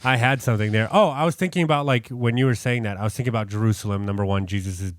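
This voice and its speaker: A man's voice: on the low side, very fast, no room sound. A man from New York co-hosting a podcast, talking through a Bible passage in an earnest, rambling way with many restarts. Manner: rambling, self-correcting, earnest. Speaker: podcast co-host. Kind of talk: casual Bible study chat.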